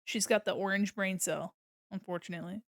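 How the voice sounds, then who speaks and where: Woman, streamer, casual chat, giggly and gushing, laughs a lot, mid-pitched voice, dry close sound. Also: fairly even intonation, fairly quick, no echo. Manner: giggly, chatty, breaks into laughter often; gushing and affectionate. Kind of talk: casual livestream chat while drawing.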